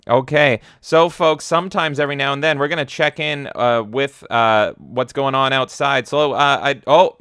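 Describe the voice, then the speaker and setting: A man's voice: medium pitch, steady tone, moderate pace, hardly any pauses, fairly bright tone, clear, resonant tone, dry recording, studio quality. A man hosting a livestream, energetically reading viewer comments aloud and reacting with casual profanity. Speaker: livestream host.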